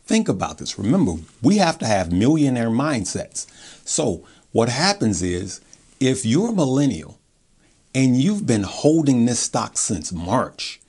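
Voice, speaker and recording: A man's voice: mid-range voice, very animated, measured pace, a little mellow, slightly rough. A man hosting his own stock market video, talking in a hyped, rambling way that breaks off and restarts. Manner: hyped, rambling, self-interrupting. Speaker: stock market channel host. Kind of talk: casual investing video talk.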